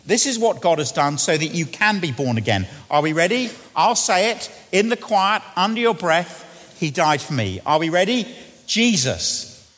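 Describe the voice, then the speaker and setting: A middle-aged man preaching a sermon, often questioning the congregation and sinking to quiet, hushed lines. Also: high-pitched, animated, normal speed, hardly any pauses. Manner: asks the congregation questions, drops to quiet near-whispers. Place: church. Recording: long church reverb.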